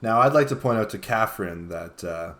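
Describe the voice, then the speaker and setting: A man with a fairly low voice co-hosts a relaxed livestream chat. He speaks in an unhurried, deadpan way, dropping dry jokes between filler words. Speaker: co-host. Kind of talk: casual chat on a livestream show.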